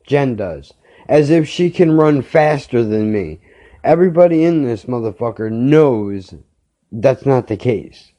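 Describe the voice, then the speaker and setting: A man's voice: medium pitch, mellow. A male podcast host telling a story as a blunt, heated rant full of swearing.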